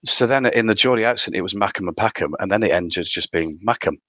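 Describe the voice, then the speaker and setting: Man, from north east england, very low voice, dry recording, enthusiastic, rambling. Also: fast talker, a bit bright, no room sound. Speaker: theatre director guest. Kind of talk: casual interview chat.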